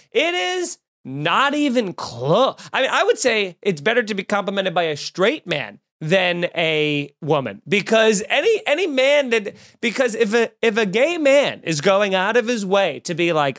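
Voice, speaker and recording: A man's voice: high voice, moderate pace. A young adult man, a stand-up comedian, telling a casual, jokey podcast story and acting out the people in it. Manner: animated, jokey, acts out voices in anecdotes.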